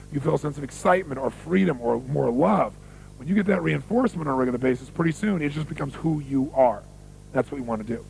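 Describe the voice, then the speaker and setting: A man's voice: fairly high pitch, creaky, a little mellow, slight background noise, low-quality recording. A man giving a motivational seminar talk on stage, telling stories, repeating key phrases for emphasis and quizzing the audience. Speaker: motivational speaker.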